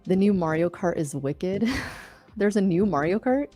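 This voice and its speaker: A woman co-hosting a live trading stream, upbeat and quick to laugh, calling the market as it moves. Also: lowish voice, dark tone, no room sound, soft background music. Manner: upbeat, laughs often, cheers on winners. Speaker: co-host of a live trading show. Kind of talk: casual live-stream banter and market commentary.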